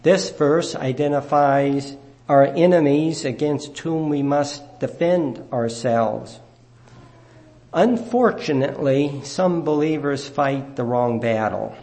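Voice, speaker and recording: A man preaching a sermon, explaining scripture in a measured, earnest teaching manner. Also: fairly high pitch, dark tone.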